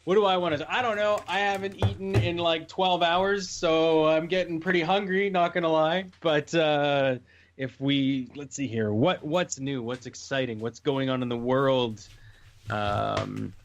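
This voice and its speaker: A man's voice: a little high, steady tone, unhurried. A man co-hosting a podcast over a remote mic, chatting casually in a rambling, hesitant way. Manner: rambling, hesitant, laughs things off. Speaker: podcast co-host. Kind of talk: casual chat. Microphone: remote call mic. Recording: dull lo-fi call audio with faint noise.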